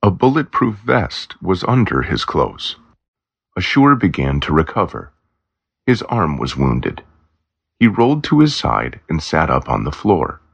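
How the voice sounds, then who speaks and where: Deep gravelly male storyteller. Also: wildly swooping pitch, a little slow. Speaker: narrator. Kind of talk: storybook narration. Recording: dull lo-fi recording.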